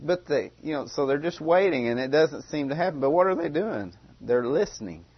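A man's voice: on the high side, animated, brisk, breathy edge, dry recording, muffled recording. Man preaching. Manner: conversational, repeats phrases and restarts. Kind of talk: sermon.

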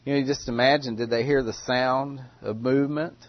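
A man preaching a sermon in a dramatic way, with loud cries and long hushed pauses. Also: mid-range voice, fairly even intonation, no room sound, dull audio.

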